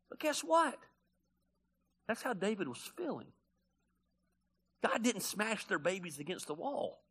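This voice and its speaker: A male pastor preaching a sermon, animated and conversational, blunt and joking, swinging from loud bursts to quiet asides. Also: high-pitched, slow pace, long pauses, slightly rough.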